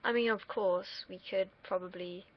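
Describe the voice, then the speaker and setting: A woman's voice: medium pitch, fairly even intonation, normal speed, slightly rough. A young woman from the United Kingdom, rambling candidly in a casual solo livestream and swearing freely. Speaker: streamer. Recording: dull lo-fi mic.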